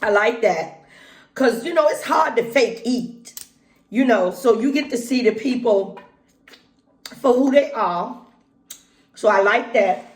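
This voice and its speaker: Woman, middle-aged, slow easy chat while eating, pauses, roomy echo. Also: fairly high pitch, animated. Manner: chatty, folksy, talks between bites with pauses. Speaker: vlogger. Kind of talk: casual mukbang vlog, talking while eating. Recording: echoey room.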